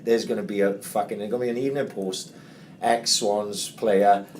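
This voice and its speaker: A man hosting a podcast, telling an animated, sweary story and acting out the quotes. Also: lowish voice, moderate pace, slight background noise. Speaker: podcast host. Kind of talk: casual storytelling chat.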